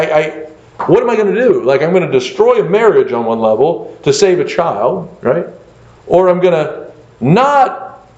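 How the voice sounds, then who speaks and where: A man, a pastor, telling a story in a conversational lecture, animated and full of fillers like "like" and "you know". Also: on the high side. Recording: echoey room, dull lo-fi sound.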